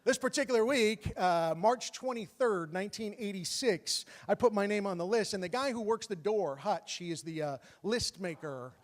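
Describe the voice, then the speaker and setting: A man telling a true personal story on stage with comic timing and animated bursts. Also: high voice, moderate pace, few pauses. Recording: long hall reverb.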